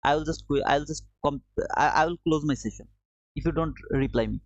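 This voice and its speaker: A man whose isn't teaches a live trading lesson in a slightly high voice. He circles back on his points and coaxes his viewers. The audio is dry and somewhat dull, like a lo-fi stream. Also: brisk, no room sound. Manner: repetitive, coaxing, addresses viewers as brother. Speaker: trading livestream host.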